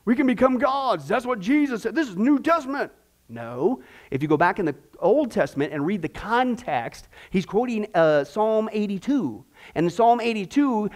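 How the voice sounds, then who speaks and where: A man with a notably high-pitched voice leads a Bible class before a live group. He talks in a loose, conversational way, tosses in corny jokes and keeps checking in with the class through quick rhetorical questions. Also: a little mellow. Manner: chatty, corny asides, frequent rhetorical "okay?".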